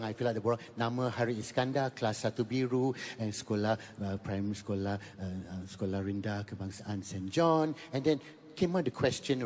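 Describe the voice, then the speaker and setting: A man in his fifties with a Malaysian accent, performing an animated stand-up comedy set and repeating words in rapid bursts. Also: medium pitch. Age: 50s. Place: large venue with live audience. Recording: echoey hall with audience noise.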